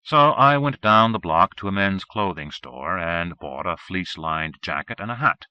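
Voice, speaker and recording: Deep-voiced man reading a novel aloud. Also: lively intonation, moderate pace, pushed and bright, smooth, no echo. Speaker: audiobook narrator. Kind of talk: first-person novel narration. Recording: dull 1980s cassette recording.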